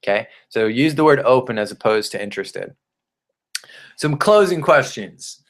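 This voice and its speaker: A man giving a casual, energetic training talk on network marketing, often restarting phrases and acting out the replies of prospects. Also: mid-range voice, moderate pace. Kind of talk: recorded training presentation.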